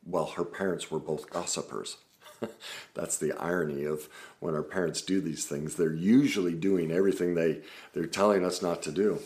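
A man's voice: low-pitched, fairly even intonation, moderate pace, a little mellow. A man who works as a therapist, talking earnestly to the camera about a client's case. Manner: earnest, explaining. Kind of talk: casual talk to camera.

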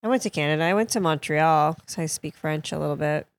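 A young woman comedian trading casual banter, with a lowish voice for a woman. She teases and swears freely and fills her talk with constant "like"s. The sound is dry and close. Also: fast talker, dry recording. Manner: teasing and profane, constant "like" fillers. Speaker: comedian and podcast co-host. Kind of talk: casual chat.

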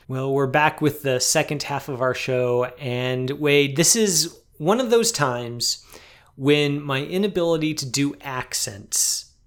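Thoughtful man co-hosting a film podcast. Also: medium pitch. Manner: thoughtful, halting, with fillers and laughs. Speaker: podcast co-host. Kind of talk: casual film discussion.

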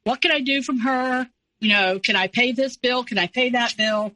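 A woman in her forties, an interview guest telling a personal story in a casual, animated way. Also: fairly high pitch, normal speed, no room sound, rough recording. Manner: animated, acts out quoted voices.

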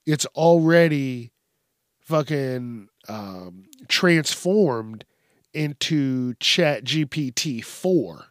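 A man's voice: medium pitch, lively intonation, extremely slow, dry recording, clean studio sound. A man hosting a podcast, giving rambling, profane, casual commentary on the news. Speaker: podcast host.

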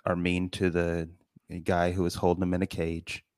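A man's voice: deep voice, monotone, moderate pace, darkish tone, no room sound, clean studio sound. A man co-hosting a podcast, talking about a film in casual chat, hesitant and trailing off with fillers. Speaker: podcast co-host. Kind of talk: casual movie review chat.

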